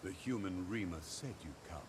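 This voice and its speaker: An actor voicing a solemn, proud male talking wolf in a video game, with grave, measured delivery. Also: low voice, close to an everyday voice. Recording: game audio with background noise.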